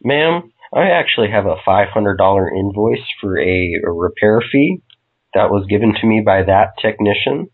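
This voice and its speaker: A man prank calling as customer service, calm and mock-polite. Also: fairly low pitch, moderate pace, breathy edge. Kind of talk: prank phone call. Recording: tinny phone line.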